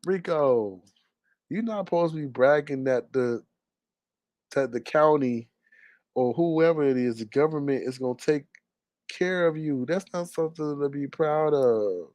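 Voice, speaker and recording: A man's voice: fairly high pitch, a little slow, a little mellow, no room sound. A young man, gossiping sassily in casual commentary with laughing asides. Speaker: commentary vlogger.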